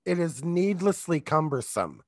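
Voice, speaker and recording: A man's voice: fairly high pitch, sing-song, measured pace, noisy background. A man co-hosting a podcast in casual comedic chat, ranting profanely and mimicking people in funny voices. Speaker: podcast co-host.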